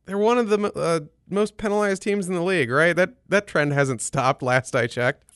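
A man co-hosting a podcast, chatting sports with animated, profane jokes. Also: sits high, moderate pace, clear, resonant tone, no echo, clean studio sound. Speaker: podcast co-host. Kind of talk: casual sports chat.

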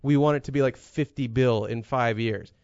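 A man's voice: mid-range voice, moderate pace, dry recording, muffled recording. A man co-hosting a casual podcast chat, rambling and profane, telling stories with lots of energy. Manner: rambling, profane, animated storytelling. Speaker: podcast co-host.

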